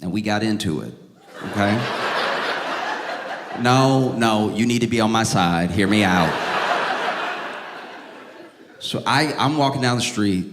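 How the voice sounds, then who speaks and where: A male stand-up comedian on a club stage, working a laughing audience with lively storytelling. His voice sits at an ordinary pitch, and it carries the long reverb of a live hall. A faint room hum runs under it. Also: unhurried, long pauses. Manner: animated storytelling, rising to high-pitched exasperation. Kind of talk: stand-up set.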